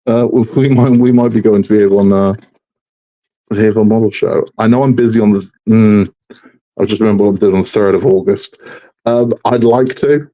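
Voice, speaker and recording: A man chats through a live model-building stream in a low, mellow voice. He jokes, rambles and laughs often. The audio is dull and lo-fi. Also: steady tone, fairly quick. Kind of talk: casual live-stream chat while building.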